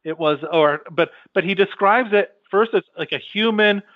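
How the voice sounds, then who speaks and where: Man, podcast co-host, rambling, slightly high voice, dull recording. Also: normal speed, no room sound. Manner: rambling, retells film scenes with restarts. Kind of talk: casual film discussion. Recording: dull, dry lo-fi podcast mic.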